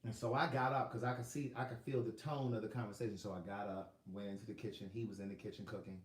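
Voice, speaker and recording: A middle-aged male author telling a personal story in a lively, laughing way, acting out quotes. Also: lowish voice, fast talker. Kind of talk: storytelling monologue. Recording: roomy echo.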